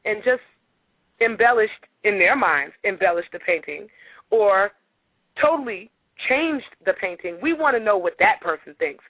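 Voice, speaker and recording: A woman singer being interviewed on talk radio, telling stories in a lively way and acting out the dialogue. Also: mid-range voice, dry recording. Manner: animated, acts out dialogue in her stories. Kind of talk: casual radio interview storytelling. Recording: dry, phone-like radio audio.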